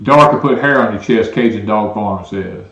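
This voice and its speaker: A man's voice: fairly low pitch, normal speed, a bit bright, reverberant, lo-fi sound. A man with a Southern US accent co-hosting a homestead live stream, rambling casually and reading viewer comments aloud. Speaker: homestead channel co-host.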